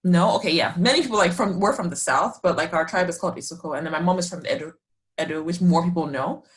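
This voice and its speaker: A young woman from Nigeria hosting a casual podcast chat, chatty and quick to laugh. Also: lowish voice. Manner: laughs often, chatty and animated. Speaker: podcast host.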